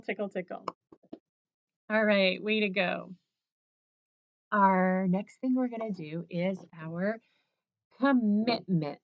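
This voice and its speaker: In a playful, sing-song, encouraging manner, a woman teacher walks children through a morning routine. She speaks at a medium pitch, and the slightly dull lo-fi recording is dry.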